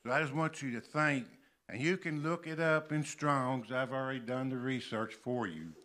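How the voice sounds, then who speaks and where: An older man from Kentucky preaching a sermon in a church, slowly stressing and repeating key words. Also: mid-range voice, a bit bright. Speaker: pastor. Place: church sanctuary.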